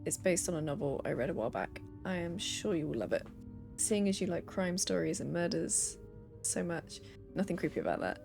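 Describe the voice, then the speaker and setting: A woman's voice: on the low side, sing-song, brisk, creaky, over music. A young woman streaming a game, reading letters and notes aloud with playful asides.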